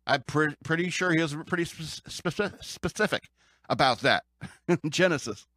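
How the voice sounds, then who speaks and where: An American podcast host chats casually about the news in a fairly bright, somewhat high voice with lively intonation and normal pacing. He rambles, jokes, laughs often and keeps restarting sentences, all in clean, echo-free studio sound.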